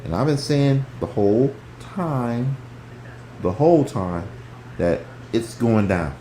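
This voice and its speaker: A man hosting a heated casual stock chat, profane and worked up, swinging between loud outbursts and hushed asides. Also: mid-range voice, animated, slow, slight background noise. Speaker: stock talk show host. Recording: echoey room.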